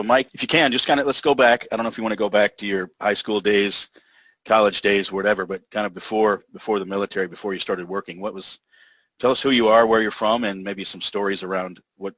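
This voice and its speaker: An easygoing man co-hosting an interview, his voice on the lower side. He asks his questions in a loose, conversational way, recorded dry and close to the mic. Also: a bit bright, no room sound. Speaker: co-host. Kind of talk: podcast interview.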